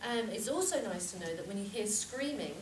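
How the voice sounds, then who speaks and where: Woman, comic speech-contest storyteller, lively pitch, miked from far in an echoey, noisy room. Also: brisk. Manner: animated storytelling with shouted reenactments. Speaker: contest speaker. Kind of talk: humorous speech. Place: club meeting room with audience.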